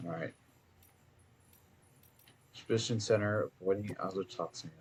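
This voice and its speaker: A man's voice: fairly low pitch, unhurried, pauses often, slightly rough. A man casually playing a video game and reading its letters aloud, with wry asides and self-corrections. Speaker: gaming video host.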